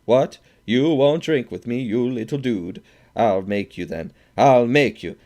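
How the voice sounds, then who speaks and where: Male reader playing a blustering drunk brute, raised and loud, belligerent. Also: medium pitch, lively intonation, a little slow, pitched above the performer's own voice, close to an everyday voice. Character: drunk burly boastful Swedish man, belligerent.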